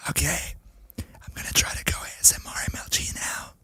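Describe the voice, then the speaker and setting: A man putting on a breathy ASMR whisper for a whispered role-play, hushing an excited esports commentary as a game streamer. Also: a little fast, close to an everyday voice. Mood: hushed hype. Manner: hushed, playful hype.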